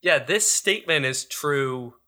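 A man with a bright, crisp voice that sits a little high for a man co-hosts a comedy podcast. He riffs on everything his co-host reads out with playful mock outrage. The talk is loose and casual. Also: lively intonation, unhurried. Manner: riffing jokes, playful outrage.

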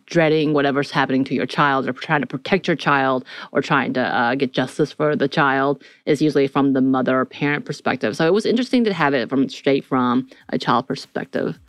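A woman's voice: very deep voice, fairly quick, few pauses, no echo. A woman co-hosting a podcast, talking in a rambling, candid way with many likes and ums. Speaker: podcast co-host. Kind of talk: casual podcast chat.

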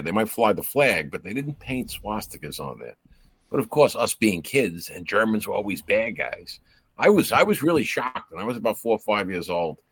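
A man's voice: lowish voice, a bit bright, husky, dry recording. A man, a former police officer, telling anecdotes in casual podcast chat and acting out the quoted dialogue. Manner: storyteller who acts out quoted dialogue. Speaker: retired police officer guest.

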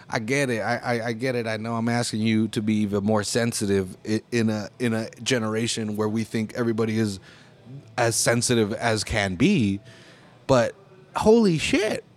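A young American man in a casual, profane monologue, talking with heavy emphasis. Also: mid-range voice. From United States. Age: young adult.

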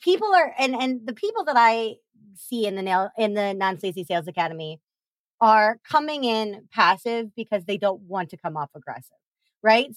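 Animated higher-voiced woman host. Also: no echo, poor audio. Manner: energetic, emphatic, swears freely, acts out quotes. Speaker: podcast host. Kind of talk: casual interview chat.

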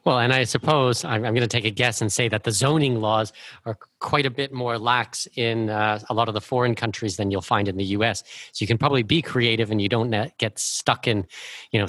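A man's voice: on the low side, fairly bright tone, no echo. Conversational male podcast host, dry sound. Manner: conversational, asks follow-up questions. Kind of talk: casual interview talk.

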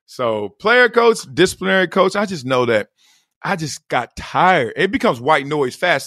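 A middle-aged man hosting a solo podcast, talking in slang, laughing often and acting out quotes with sudden loud bursts. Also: moderate pace, no echo, studio quality. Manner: animated, acts out quotes with big jumps in pitch and loudness. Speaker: podcast host. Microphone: close studio mic.

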